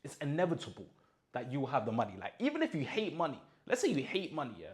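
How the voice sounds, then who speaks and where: A young mindset content creator delivers a casual motivational monologue fast, his medium-pitched voice swooping wildly. He's emphatic and slangy, repeating points and checking in with "do you understand?"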